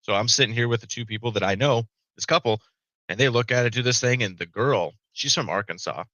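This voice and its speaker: A man's voice: medium pitch, a little fast, bright, forceful tone, no room sound, rough recording. A middle-aged man, a podcast guest, telling a story in a casual way, swearing freely and tagging lines with "right?".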